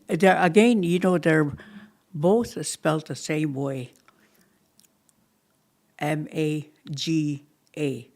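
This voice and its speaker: Super slow teacher drilling words over and over, mid pitch, soft at times. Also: vocal fry. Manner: deliberate, repeats each word many times, halting pauses. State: dry mouth, thirsty. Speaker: language teacher. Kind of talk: slow-paced language class, repeating words for learners.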